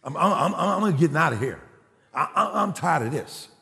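A man's voice: fairly high pitch, expressive, normal speed, vocal fry, sharp tone, long reverb tail, exaggerated voice. A man voicing his stuttering twenty-one-year-old son, who pleads in broken, repeated words. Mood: complaining.

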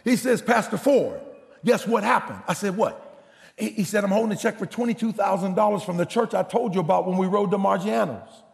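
Animated preacher in a reverberant hall. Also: male voice, sits high, fairly quick, creaky. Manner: animated, acts out quotes, laughs. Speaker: pastor. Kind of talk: sermon storytelling.

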